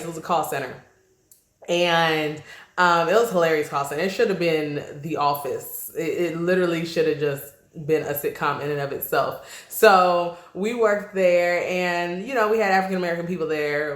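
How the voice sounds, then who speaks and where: A woman's voice: fairly low pitch, normal speed, roomy sound. A Nigerian-born woman raised on the US East Coast, hosting her podcast in a chatty, laughing way and checking in with listeners. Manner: chatty, laughs often, asks listeners "okay?". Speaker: podcast host. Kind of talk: casual solo podcast talk.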